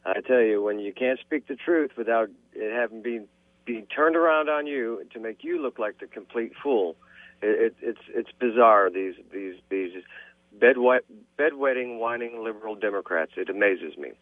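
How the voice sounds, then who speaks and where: A man from West Virginia calling in to a radio show, indignant and halting as he speaks. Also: on the low side, no echo. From West Virginia, USA. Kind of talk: call-in comment. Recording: tinny phone line.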